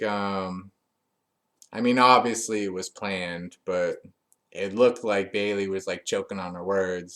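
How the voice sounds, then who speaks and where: Brief: male reviewer, low-pitched, conversational recap, relaxed and unscripted. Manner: chatty, loose, with frequent fillers and restarts. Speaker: wrestling show reviewer. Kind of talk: casual recap commentary.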